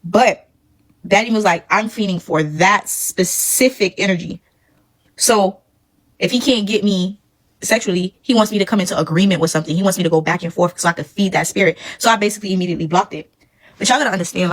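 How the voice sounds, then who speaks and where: A woman's voice: medium pitch, brisk, fairly bright tone, low-quality recording. A woman, emphatic and preachy, telling a casual storytime about her past relationship.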